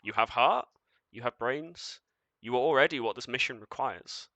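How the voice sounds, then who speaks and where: A man voices a cold, commanding being of shifting light in a tabletop game, making measured, formal pronouncements. His mid-range voice has a sharp, probing edge, and there's no echo.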